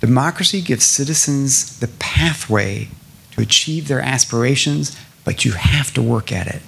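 Middle-aged man from South Carolina, gravelly husky voice, impassioned speaker at a public forum, stacks lists and rhetorical questions. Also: medium pitch, expressive, normal speed, a bit bright. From South Carolina, USA. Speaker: nonprofit president speaking to an audience. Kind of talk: public talk answering a question.

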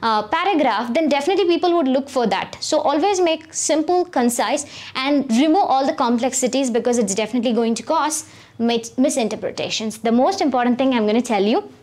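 A woman with a high voice, teaching through a video lecture. She explains step by step and keeps posing rhetorical questions before answering them herself. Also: animated, fairly quick, a little mellow. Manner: earnest, repetitive teaching patter with rhetorical questions. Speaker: online science educator.

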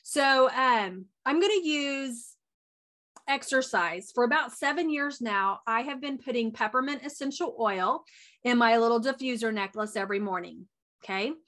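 A woman, giving a chatty, animated motivational talk as a wellness coach. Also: on the high side. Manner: chatty and animated, says y'all a lot; talks fast.

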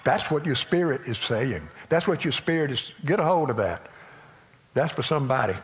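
A male pastor with a Southern US accent preaching a sermon in a folksy manner, moving between loud emphatic lines and quiet asides. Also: fairly high pitch, lively intonation, normal speed.

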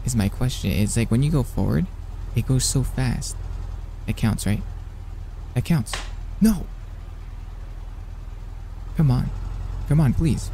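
A young man giving live gameplay commentary as a streamer, excitable and flustered, talking to himself and repeating words over and over. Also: medium pitch, takes it slowly, creaky, pauses often, a little hiss or hum.

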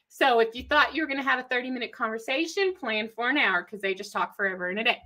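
A woman with a bright, sharp voice and an East Texas accent chats loosely on a genealogy live stream. She rambles off on tangents and laughs easily, pitched a little high. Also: a little fast, hardly any pauses. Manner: chatty, rambling, laughs often, drawls when teasing. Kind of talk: casual live-stream chat.

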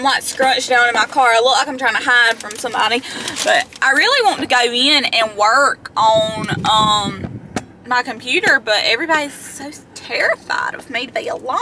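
A woman's voice: high voice, noisy background. A young woman chatting casually to her camera from inside her car, chatty and self-deprecating, with lots of fillers. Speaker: vlogger. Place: inside a parked car in a drive-thru line. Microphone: handheld camera close up.

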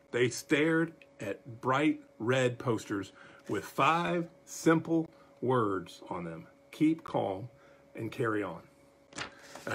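Husky-voiced pastor, folksy and animated. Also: male voice, mid-range voice. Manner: folksy and animated, talks straight to viewers. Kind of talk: livestreamed Bible study talk.

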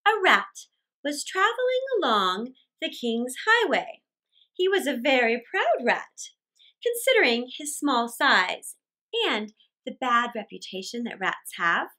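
A woman narrating children's fables aloud, animated and expressive. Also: on the high side. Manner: animated and expressive, slow and clear. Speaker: storyteller for children.

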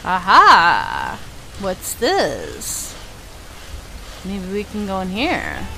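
A woman with a mid-range, creaky voice talks very slowly as she streams a game, chatting animatedly with her viewers and letting out panicked, repeated no's. Steady rain is audible behind her on a rough recording.

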